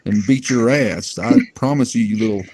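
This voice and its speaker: A man doing a gruff talk-show doctor. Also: lowish voice, normal speed, darkish tone, a little hiss or hum, pitched below the performer's own voice, natural voice. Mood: brash. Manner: blunt, brash, swearing.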